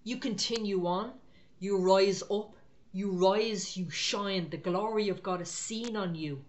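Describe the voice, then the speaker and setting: A woman's voice: mid-range voice, measured pace. A woman preaching an encouraging prophetic sermon to online viewers, talking in short, repeated exhortations.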